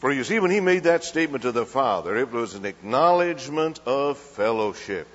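A man's voice: mid-range voice, animated, a little fast, breathy edge. A man preaching a folksy storytelling sermon, often asking the crowd questions and acting out small scenes. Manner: folksy, asks the crowd questions, acts out voices. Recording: dull lo-fi hall recording.

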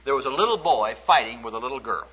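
A man's voice: mid-range voice, lively intonation, fast talker, bright, forceful tone. A man preaching a sermon through folksy, conversational storytelling, acting out the stories he tells. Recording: dull lo-fi recording.

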